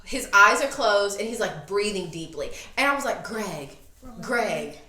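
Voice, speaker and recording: Bright, animated woman telling a story. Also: mid-range voice, moderate pace. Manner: animated, acts out quoted voices. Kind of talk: casual storytelling chat. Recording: echoey room.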